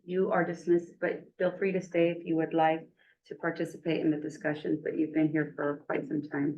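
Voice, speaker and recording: A woman chairing a school board meeting, calling speakers up politely and procedurally. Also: fairly low pitch. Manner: polite, procedural, slow-paced. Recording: dull lo-fi stream audio.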